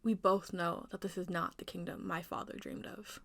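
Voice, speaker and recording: A woman voicing a gentle, brave young princess who speaks softly and earnestly, often close to a hush. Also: lowish voice, fairly even intonation, normal speed. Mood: soft, pleading. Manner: soft, earnest, hushed.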